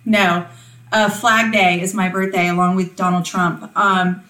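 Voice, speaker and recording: A woman in her forties chatting casually, telling stories with lively energy and freely swearing. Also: lowish voice, a little slow, a crowd in the background. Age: 40s. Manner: animated storyteller, swears freely. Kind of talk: casual chat. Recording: echoey room, distant from the mic.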